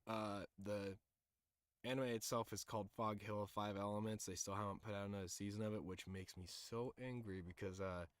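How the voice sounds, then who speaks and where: On a casual stream, a man rambles about music and anime, cursing loosely and leaning on lots of fillers. His voice is fairly low, smooth, and steady, delivered at a moderate pace with no room sound.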